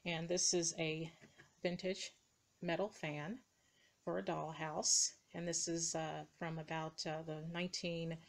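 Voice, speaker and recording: Her voice sits low and level, a little slow, with vocal fry, as a woman casually narrates a tour of her dollhouse rooms, full of ums and uhs. The hand-moved camera mic records her indoors beside the dollhouse.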